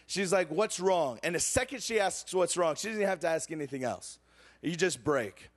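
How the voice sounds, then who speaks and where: A young adult man preaching a sermon, telling a personal story with emotional swings from excited to hushed. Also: a little high, moderate pace.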